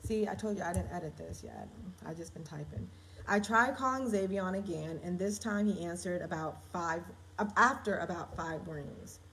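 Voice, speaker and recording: A woman's voice: on the low side, moderate pace, a bit bright, low-quality recording. Chatty woman on a live stream. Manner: chatty, self-correcting, talks straight to viewers. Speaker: writer hosting a live stream. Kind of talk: casual live-stream chat.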